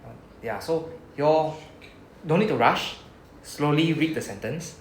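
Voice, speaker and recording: A man's voice: a little high, unhurried, a little hiss or hum. Singaporean man teaching in a roomy room. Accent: Singaporean English. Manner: chatty, drawls out sounds when modelling words. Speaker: Japanese language teacher. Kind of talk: casual classroom teaching.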